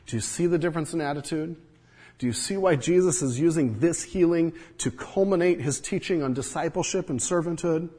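A man with a fairly high voice preaches an earnest sermon. His loudness swells and drops, and he acts out the lines he quotes. The sound rings with a long reverb, as in a big hall. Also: a little fast, husky. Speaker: pastor.

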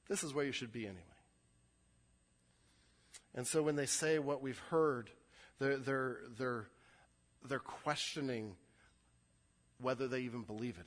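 A man's voice: medium pitch, moderate pace, long pauses, fairly bright tone. A young adult male pastor preaching an earnest sermon, often repeating words as he builds a point. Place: church sanctuary. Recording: long hall reverb.

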